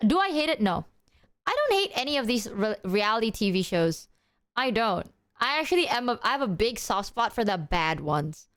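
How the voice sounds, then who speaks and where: Rambly, excitable young woman streamer. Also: fairly high pitch, normal speed. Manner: rambling, excitable, swears freely. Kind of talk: casual livestream chat.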